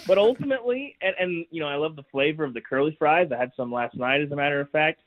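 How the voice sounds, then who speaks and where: Man, guest on a phone call, tinny line, slightly high voice, wry, chatty, laughs a lot. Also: fast. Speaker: guest sports writer. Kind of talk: casual sports radio chat.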